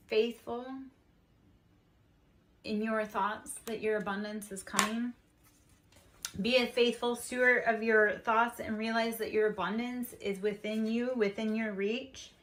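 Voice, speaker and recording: A woman's voice: a little high, a little hiss or hum. A woman giving a casual spiritual tarot reading, earnestly encouraging and talking straight to the viewer. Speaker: tarot reader and spiritual channel host.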